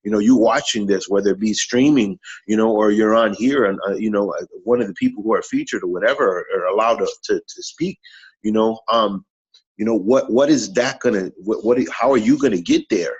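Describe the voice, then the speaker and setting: A man's voice: on the low side, a little fast, husky, dull audio. A man who is a regular on a morning talk show, giving an earnest, repetitive motivational talk in a preachy way.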